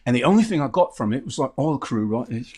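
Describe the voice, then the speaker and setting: A man telling lively anecdotes as a guest, jumping into other people's voices as he goes. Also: mid-range voice, fast talker, slightly rough. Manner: animated storyteller, jumps into voices of others.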